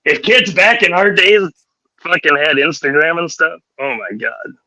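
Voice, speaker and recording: Podcast guy with a really sharp bright voice, swearing a lot, laughing thru his stories. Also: fairly high pitch, lively intonation, moderate pace, low-quality recording. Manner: profane, rowdy anecdote telling. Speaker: podcast host. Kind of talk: casual storytelling chat.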